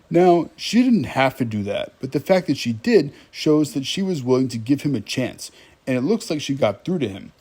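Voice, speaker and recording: A man's voice: mid-range voice, darkish tone. A man giving a casual, wry movie recap, chatting directly to his viewers.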